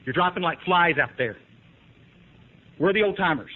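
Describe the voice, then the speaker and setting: At a moderate pace, a high-pitched man with lively intonation tells his recovery story to a meeting. His style is folksy and emphatic, with frequent questions to the room about whether they follow. The sound comes from tinny lo-fi archive tape.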